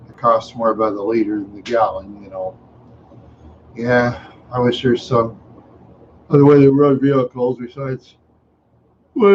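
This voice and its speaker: A man's voice: medium pitch, dull audio, a little hiss or hum. A tired, yawning man hosting a casual livestream chat, rambling along with many fillers and trailing asides. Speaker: livestream host.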